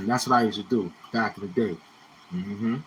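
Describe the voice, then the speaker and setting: A man rambles through laid-back stories in thick street slang. He keeps circling back to the same phrases as he reminisces. His voice is bright and forward at a middle pitch, with a faint hum behind it. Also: moderate pace, poor audio. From Brownsville, Brooklyn, New York. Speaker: YouTuber. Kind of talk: casual storytelling monologue.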